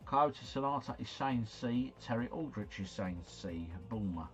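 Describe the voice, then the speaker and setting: A man's voice: medium pitch, expressive, unhurried, lo-fi sound. A man hosting a casual livestream, talking himself through answers in a chatty, slangy ramble. Faint music runs behind him. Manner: chatty, musing aloud, slangy. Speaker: livestream host.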